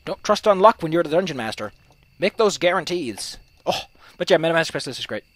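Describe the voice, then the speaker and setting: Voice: mid-range voice, fairly quick, no room sound. A let's play commentator ranting heatedly about game rules, swearing often while reacting to a game. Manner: profane, heated, animated ranting.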